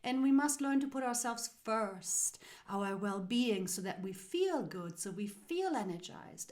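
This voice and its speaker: A woman hosting a spiritual self-help podcast, talking in a slow, soothing, guiding way that sometimes drops into soft whispers. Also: fairly high pitch, animated. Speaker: podcast host.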